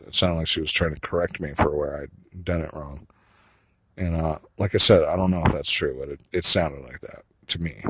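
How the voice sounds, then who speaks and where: A man with a very low, husky voice rambles through a personal monologue, swearing casually and doubting himself as he goes. The sound is close and dry. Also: fairly quick, fairly bright tone, no echo. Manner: rambling, profane, second-guessing himself. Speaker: vlogger.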